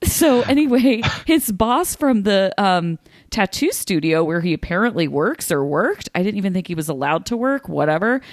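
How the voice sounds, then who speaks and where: A woman's voice: mid-range voice, sing-song, moderate pace, dry recording, clean studio sound. A woman co-hosting a podcast in casual chat, recapping news in a chatty way with frequent fillers. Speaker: podcast co-host.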